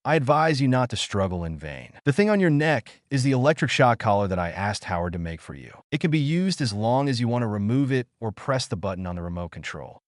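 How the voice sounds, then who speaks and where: A man voicing a calm, cold and confident young male soldier in an audiobook, speaking in a steady, even manner. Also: mid-range voice, fairly quick, few pauses, dry recording, clean studio sound, close to an everyday voice.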